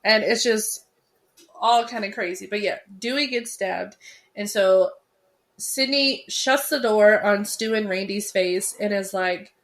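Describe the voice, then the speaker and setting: Woman co-host, casual chat, excitable and rambling. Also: medium pitch, a little slow. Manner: excitable, laughs easily, rambling. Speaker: podcast co-host. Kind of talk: casual chat about a film.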